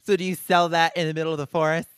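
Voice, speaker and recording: A woman co-host who cuts in with teasing, mock-stern jabs at her sisters. Her voice is smooth and clear, and the sound is dry and close. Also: deep voice, flat delivery, rapid-fire, no echo. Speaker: podcast co-host. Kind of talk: comedic sibling banter.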